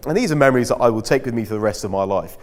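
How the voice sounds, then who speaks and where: A man's voice: medium pitch, animated, racing. A man, giving a chatty, self-mocking talk as a guest speaker at a school. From Britain. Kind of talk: anecdotal talk to an audience. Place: school hall. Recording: echoey hall.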